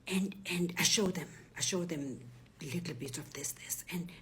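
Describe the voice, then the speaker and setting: A middle-aged South African woman recounts her own ordeal in a low, hushed voice that often drops to a near whisper. She stumbles and repeats words as she thinks aloud. A faint hiss sits under her voice. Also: normal speed. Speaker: interviewee recounting a robbery. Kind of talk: personal testimony storytelling.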